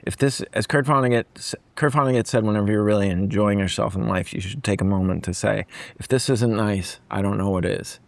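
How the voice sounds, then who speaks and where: A man's voice: on the low side, gravelly, no echo. A male comedian from Massachusetts, likely in his forties, talking casually as a guest, often restarting his sentences. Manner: halting, restarts phrases, chuckles. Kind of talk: casual conversation.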